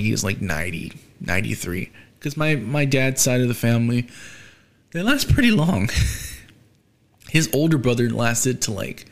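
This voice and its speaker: A young man hosting a podcast, talking casually and quietly, with many fillers and pauses, subdued by grief. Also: mid-range voice. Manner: soft, halting, with frequent fillers and trailing off. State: grieving, subdued. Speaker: podcast host. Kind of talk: casual solo podcast talk.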